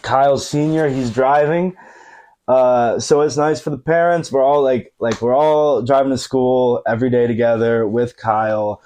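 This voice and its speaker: A man's voice: medium pitch, fairly even intonation, moderate pace, a little mellow. A man in his thirties, a podcast guest telling a funny anecdote in casual chat, laughing often and using many fillers, recorded in a living room. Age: 30s. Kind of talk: casual storytelling.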